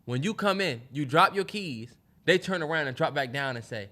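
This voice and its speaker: A man's voice: on the high side, expressive, moderate pace, bright, forceful tone. A man co-hosting a podcast in casual chat, laid-back and teasing. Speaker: podcast co-host.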